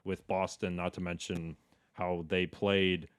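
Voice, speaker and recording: Male sports broadcaster guest, low voice, dry close sound, rambling casual chat. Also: unhurried, clear, resonant tone, no room sound. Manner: rambling, many restarts, breaks into animated mock quotes.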